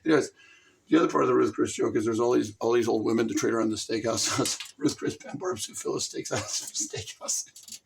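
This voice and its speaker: A man's voice: mid-range voice, brisk, vocal fry, recorded from a distance, background noise. A man telling a rambling comedic story and laughing often.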